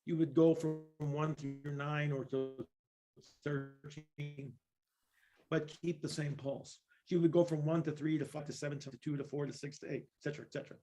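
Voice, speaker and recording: A man's voice: fairly high pitch, level tone, moderate pace, warm tone, faint music behind. Man from East Los Angeles telling stories. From East Los Angeles, California. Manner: rambling anecdotes with many fillers and restarts, laughing while telling stories. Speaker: guest musician, percussionist. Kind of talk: casual interview storytelling.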